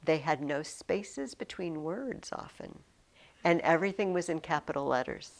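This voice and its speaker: A woman teaching a Latin class, leading students through the lesson. She talks in a chatty, emphatic way, with frequent fillers and quick restarts. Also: sits low, expressive, creaky, slight background noise.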